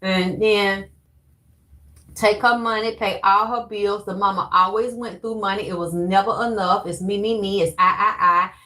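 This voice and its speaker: A woman's voice: medium pitch, fairly bright tone. Rambling, profane woman vlogger. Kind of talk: casual monologue.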